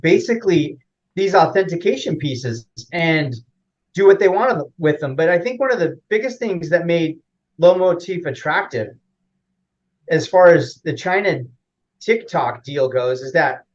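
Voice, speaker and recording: A man's voice: a little high, animated, measured pace, lo-fi sound. A man as an interview guest, explaining at length in a rambling casual way with frequent fillers and restarts.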